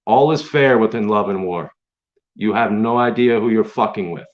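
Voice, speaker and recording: A man's voice: lowish voice, normal speed. A man hosting his own stream, delivering an angry, profane, confrontational rant straight at his critics. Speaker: online stream host. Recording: dull lo-fi sound.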